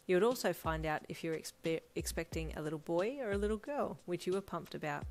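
A woman narrating a second-person fan-fiction story in a steady, plain reading voice. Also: on the low side, quick pace, hardly any pauses, faint music behind.

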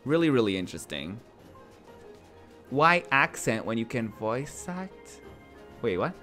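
Male streamer, rambling chat, mid-pitched, faint music behind. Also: sing-song, unhurried, sharp tone. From northern Portugal. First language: Portuguese. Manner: chatty, rambling, repeats his words. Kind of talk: casual chat while gaming.

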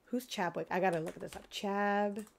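A woman streaming a video game, chatting casually with viewers and swinging between excited gasps and mock dread. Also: mid-range voice, fairly quick, vocal fry. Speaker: gaming streamer. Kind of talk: casual live gameplay chat.

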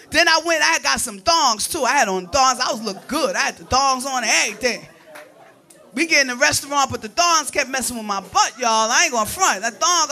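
A woman doing stand-up with a very high, piercing tone that sits on the edge of sharp. She tells animated stories and breaks into shrieks and laughter. A faint audience murmurs behind her on the club stage. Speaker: stand-up comedian. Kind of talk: stand-up comedy storytelling.

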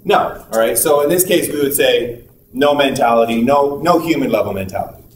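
A male university lecturer giving a conversational classroom lecture, acting out little dialogues as examples. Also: medium pitch. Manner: conversational, acts out little dialogues with quick asides. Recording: echoey room, picked up from a distance with faint noise.

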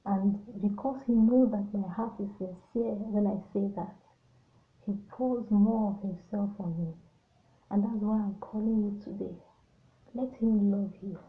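A woman's voice: mid-range voice, fairly even intonation, unhurried. A woman giving a personal devotional sermon in an earnest, heartfelt way, often repeating her phrases. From Nigeria. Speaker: ministry speaker. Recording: echoey, phone-like sound.

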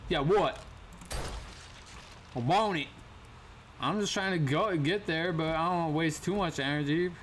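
Young male gamer, casual slangy commentary, slightly high voice, jumpy. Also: measured pace, pauses often, a bit bright, slight background noise. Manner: casual slangy talk, jumpy yelps when startled. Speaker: gaming channel host. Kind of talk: gameplay commentary.

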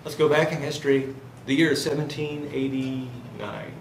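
A man's voice: mid-range voice, normal speed, vocal fry. A man giving a university finance lecture, telling jokey stories and quizzing the class. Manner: joking, storytelling, asks the class questions. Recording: echoey classroom with faint hiss.

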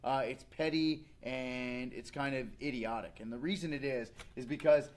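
A man in his thirties hosting a casual comedic rant, animated and slipping into mocking voices. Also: medium pitch, moderate pace. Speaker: show host.

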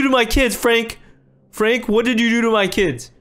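High-voiced frantic man pleading. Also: steady tone, moderate pace, fairly bright tone, clean tone. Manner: frantic, pleading, repeats words. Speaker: role-play creator and lead player. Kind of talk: Minecraft role-play acting.

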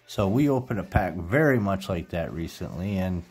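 A middle-aged card YouTuber speaks at normal speed in a low, slightly rough, somewhat mellow voice with lively intonation. As he opens baseball card packs and chats, he calls off player names in a row, fumbling a few and then correcting them.

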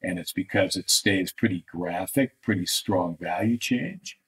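A man's voice: low voice, unhurried, a bit bright. A man giving a live online art critique, thinking aloud as he draws, with restarts. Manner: thinking aloud, restarts, talks over drawing on screen. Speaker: art instructor.

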